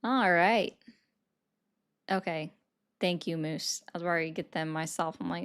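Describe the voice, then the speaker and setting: A woman's voice: fairly low pitch, steady tone, a little slow, pauses often, smooth. A woman hosting a political livestream, chatting casually and sarcastically while reading and answering viewer comments. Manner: sarcastic, chatty, talks straight to chat.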